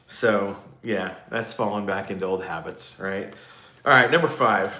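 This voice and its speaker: A man's voice: lowish voice, unhurried, pushed and bright, reverberant. A man hosting a casual livestream, chatting loosely with his viewers and poking fun at himself as he rambles. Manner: rambling, self-mocking, chatty with live comments. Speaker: livestream host.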